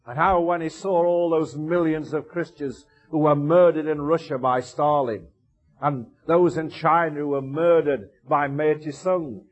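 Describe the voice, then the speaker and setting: A man preaching a sermon with passion, asking rhetorical questions and swinging between loud, high bursts and quiet, low asides. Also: fairly even intonation, measured pace. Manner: impassioned, rhetorical questions, wide swings in pitch and loudness.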